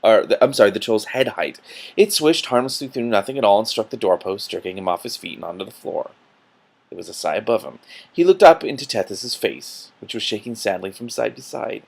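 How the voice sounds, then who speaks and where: A man reading a fantasy novel aloud with commentary, stumbling a little and breaking in with quick asides. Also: lowish voice, animated, vocal fry, breathy edge. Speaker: book reader.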